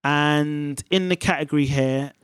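A man's voice: fairly high pitch, steady tone, unhurried, smooth, no echo, clean studio sound. A man hosting a casual podcast chat, upbeat and chatty, with plenty of fillers. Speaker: podcast host.

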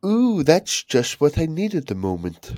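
A man putting on a higher voice to play a flirty, teasing upper-class woman, in a giggly, hammed-up way. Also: huge pitch swings, measured pace, warm tone.

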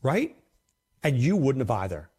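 A man talks straight to his viewers about fantasy football in a loose, conversational way. His voice sits in a middle register but swings up and down with lively emphasis, and he hammers his points home by repeating them. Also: mid-range voice, unhurried, slightly rough. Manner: animated, emphatic, repeats himself. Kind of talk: casual commentary to camera.

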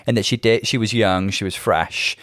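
A man's voice: fairly low pitch, steady tone, moderate pace, a bit bright, no echo. A man co-hosting a casual chat, talking things through in a thoughtful, analytical way. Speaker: podcast co-host.

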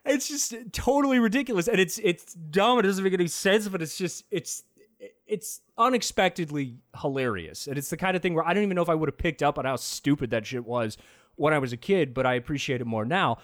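A man in casual film-review chat who talks in an animated way, swears freely and laughs often. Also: on the high side, brisk, no room sound, studio quality.

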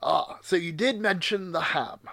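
A man's voice: high voice, measured pace, gravelly, bright, forceful tone, dry recording, clean studio sound, heavily acted. A man voicing a pompous, self-assured male adventurer with a grandiose, florid way of talking. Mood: brisk.

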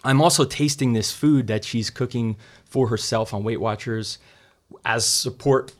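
A man in his thirties tells a story in a relaxed interview, animated and quick to act out other people's lines. His voice sits at an ordinary middle pitch. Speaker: restaurant co-owner, former finance worker.

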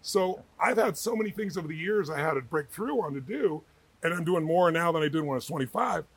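A man being interviewed as a guest author, telling animated, emphatic stories in a quick, energetic manner. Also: a little high, slight background noise, rough recording.

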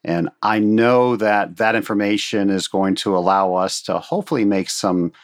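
American guy hosting a podcast, lowish voice, cheering his guest on. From United States. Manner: encouraging, asks quick questions. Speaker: podcast host. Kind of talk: interview podcast.

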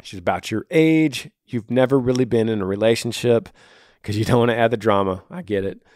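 A man with a tired voice talks as a podcast host, giving earnest, brotherly advice. His pitch sits in an ordinary middle range. The recording is dry and close, with no room sound. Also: a little fast, a little mellow, no room sound. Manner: earnest, brotherly, pushing the listener. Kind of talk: casual advice chat.

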